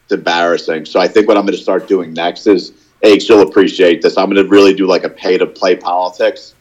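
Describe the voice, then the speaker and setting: A young man with a slightly low voice co-hosts a casual podcast. He rambles through stories and leans on filler words as he goes. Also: steady tone, a little fast, darkish tone, highs cut off. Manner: rambling storyteller, lots of "like" fillers. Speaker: podcast co-host. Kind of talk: casual chat.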